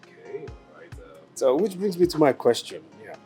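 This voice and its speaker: Nigerian widower suitor, mellow, persuasive, expressive pitch. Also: male voice, moderate pace, faint music behind. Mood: tender. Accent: Nigerian English. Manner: smooth, persuasive, calm. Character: smooth-talking male widower wooing a woman. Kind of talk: film drama acting.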